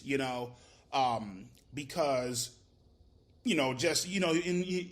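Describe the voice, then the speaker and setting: A man's voice: mid-range voice, takes it slowly. Rambling, foul-mouthed man. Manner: rambling, swears heavily, leans on "you know what I mean". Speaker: interviewee. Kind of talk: casual, profane interview answers.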